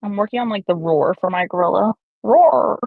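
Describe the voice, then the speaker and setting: A woman chatting casually while streaming a game, animated and self-mocking. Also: lowish voice, fast, no echo. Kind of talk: casual gaming chat. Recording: slightly dull lo-fi stream audio.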